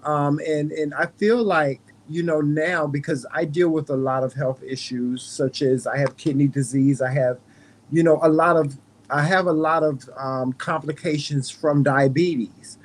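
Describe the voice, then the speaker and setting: A man's voice: on the high side, steady tone, measured pace. A man with a Southern American drawl, hosting a casual conversation, earnest and often restarting his sentences. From North Carolina. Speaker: host.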